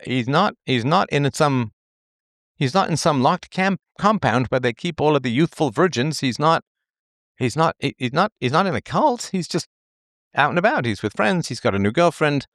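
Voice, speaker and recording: A man's voice: fairly high pitch, animated, normal speed, fairly bright tone, no room sound, studio quality. A man delivering an opinion monologue as a commentator, rambling and emphatic, often repeating himself and brushing details aside. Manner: dismissive asides.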